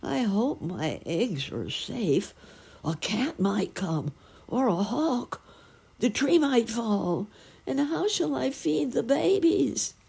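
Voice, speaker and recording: A woman's voice: sits low, wildly swooping pitch, takes it slowly, creaky, dark tone, slightly rough, voice pushed up, full character voice. A woman voicing an anxious, timid male sparrow who stammers and frets, in a storybook reading. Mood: fretful. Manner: worried, stammering, sniffly.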